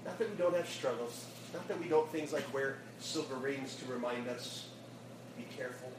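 A man, a youth pastor, telling a lively story in a sermon and acting out the voices, laughing as he goes, then closing in prayer. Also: medium pitch, moderate pace. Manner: animated storyteller, acts out quotes, laughs often. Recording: echoey room, distant mic, audible noise.

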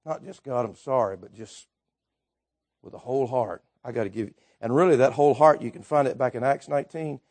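A man preaching a sermon, telling stories with folksy asides and swinging from quiet remarks to shouts. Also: medium pitch, fairly quick.

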